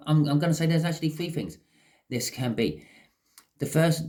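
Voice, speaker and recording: A man giving a casual, chatty tarot reading, often checking in with "okay?". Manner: chatty, lively rises in pitch, frequent "okay?" check-ins. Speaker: tarot reader.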